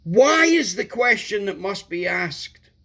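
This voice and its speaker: High-voiced, slow preacher. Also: male voice, very animated, gravelly, sharp tone. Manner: emphatic, repeats key words for stress. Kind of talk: sermon.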